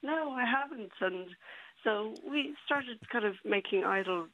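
A woman writer telling a lively anecdote in a radio interview, acting out the dialogue. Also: fairly high pitch, unhurried. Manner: lively storyteller, acts out the dialogue. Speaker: guest writer. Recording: tinny phone-like line.

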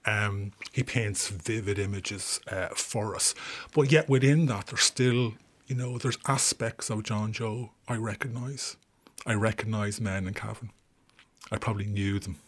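A man's voice: lowish voice, steady tone, measured pace. A man, a theatre director speaking thoughtfully in a radio interview, with many restarts.

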